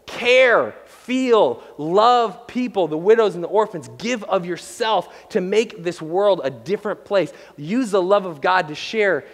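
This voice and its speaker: Joking pastor in a reverberant hall. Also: male voice, high voice, unhurried, few pauses. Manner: conversational, joking, many restarts and stammers. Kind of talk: sermon. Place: church sanctuary.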